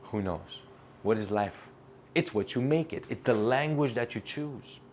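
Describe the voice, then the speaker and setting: A male speaking coach giving an energetic motivational talk to camera, emphatic and full of rhetorical questions. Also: medium pitch, unhurried, a little hiss or hum.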